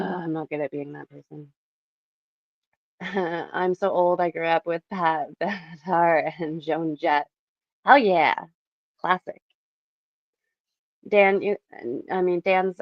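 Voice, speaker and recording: A woman's voice: fairly low pitch, no echo, muffled recording. A Canadian woman in her thirties chatting casually with viewers on a live stream, rambling, laughing often and swearing now and then. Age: 30s.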